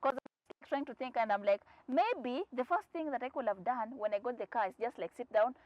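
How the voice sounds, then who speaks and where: A young Kenyan woman chats to her viewers in a bright, slightly raised voice, mixing English with Swahili and acting out the people in her stories. The sound is dry and close, with no room around it, and a little muffled. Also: a little high, lively intonation, fairly quick, no room sound. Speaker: vlogger. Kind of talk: casual storytelling to camera.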